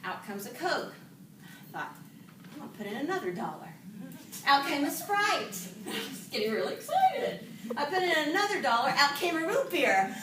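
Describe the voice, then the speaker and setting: At a normal speed, a high-voiced woman delivers a comic speech to her Toastmasters club, storytelling with animation and frequent laughter. The meeting room recording is far off and echoey, and room noise can be heard.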